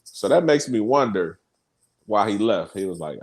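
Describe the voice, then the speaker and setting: A man co-hosting a casual podcast, chatting about sports and news in an animated, storytelling way and quoting others. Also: on the low side, normal speed. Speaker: podcast co-host. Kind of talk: casual chat and sports talk.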